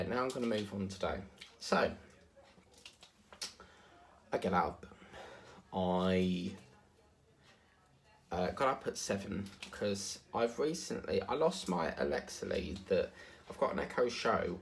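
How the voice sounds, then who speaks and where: A man's voice: on the low side, slight background noise. A man with an Essex accent tinged with South African, chatting casually and rambling while he works on a craft. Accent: Essex with some South African. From England. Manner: meandering, chatty, many fillers and asides. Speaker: diamond painting vlogger.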